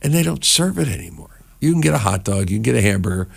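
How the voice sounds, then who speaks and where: A man's voice: lowish voice, sing-song, fast, creaky. A middle-aged man from New Jersey hosting a radio show, chatting casually and rambling between songs with many fillers. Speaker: radio host.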